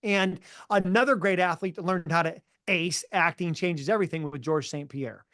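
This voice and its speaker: A middle-aged man with a slightly raised pitch speaks in an energetic, emphatic way as a motivational coach. He tells stories in a punchy, relaxed interview style. The podcast mic gives a close, dry sound. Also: moderate pace, no echo. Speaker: mental performance coach, podcast guest. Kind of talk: casual interview storytelling.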